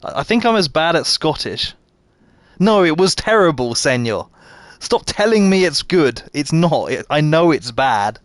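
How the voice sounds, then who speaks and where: A man's voice: fairly high pitch, big pitch swings, dry recording. A British man giving casual, self-deprecating commentary to his chat while streaming a game. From Britain. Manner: self-deprecating, quick asides to chat, laughs often. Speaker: gaming streamer. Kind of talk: casual live gameplay commentary.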